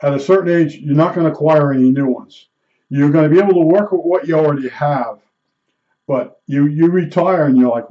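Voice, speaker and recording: A retiree in his seventies talks through his stories in a rambling personal monologue, correcting himself along the way. His voice is on the high side at normal speed, with a dark tone and the highs cut off.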